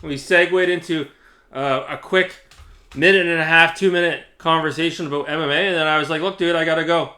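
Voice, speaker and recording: Male vlogger, casual and sweary rant, bright forward tone. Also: on the high side, steady tone, a little fast. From Canada. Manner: profane, sarcastic, ranting with frequent laughs. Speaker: YouTuber.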